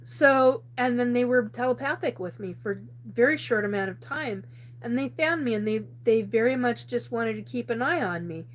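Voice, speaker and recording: A woman's voice: fairly high pitch, moderate pace. A woman hosting a live show, telling a personal story in a rambling way with many restarts and frequent laughter. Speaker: host.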